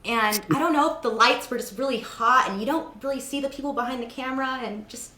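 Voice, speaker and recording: A woman's voice: high-pitched, brisk, bright, forceful tone, echoey room, slight background noise. A young woman hosting an interview, chatting casually and telling stories with lots of fillers. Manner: chatty storytelling with many fillers. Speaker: host.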